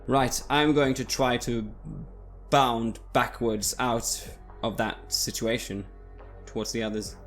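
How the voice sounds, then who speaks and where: A man's voice: mid-range voice, fairly even intonation, slow, faint music behind. A man playing a tabletop game, asking questions eagerly and stating his character's actions. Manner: eager, bursts into loud in-character shouts. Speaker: player. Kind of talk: tabletop role-play.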